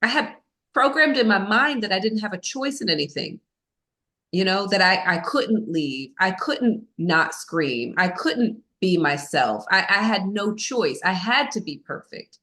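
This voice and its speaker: A woman's voice: medium pitch, lively intonation, measured pace, bright, forceful tone. A woman as a podcast guest, telling a personal story in a candid, self-mocking way, with many fillers.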